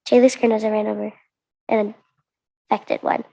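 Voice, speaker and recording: A woman's voice: medium pitch, level tone, moderate pace, vocal fry, mellow. A young American woman reading her own story aloud to a conference audience, earnest and with restarts. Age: teens. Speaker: student reader.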